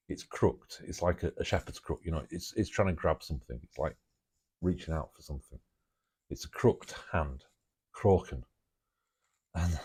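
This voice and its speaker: A man presenting alternative history thinks aloud through his speculative ideas in a rambling monologue, tossing in jokey asides and chuckles. His bass voice is husky with a darkish tone.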